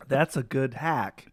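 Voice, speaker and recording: A man's voice: medium pitch, no room sound. A man from the United States, co-hosting a podcast in an enthusiastic, playful way. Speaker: podcast co-host. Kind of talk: casual chat.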